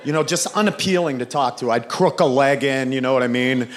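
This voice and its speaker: A man's voice: mid-range voice, a little fast. A man performing stand-up comedy on a club stage, telling stories in a profane, exasperated way. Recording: roomy club with crowd laughter.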